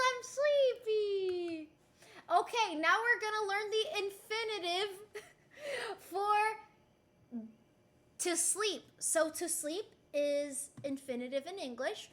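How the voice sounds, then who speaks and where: A young woman, Spanish her native language, streams casually while giving a jokey Spanish lesson. With an extremely high, slightly bright voice, she giggles and says words slowly, teacher-style.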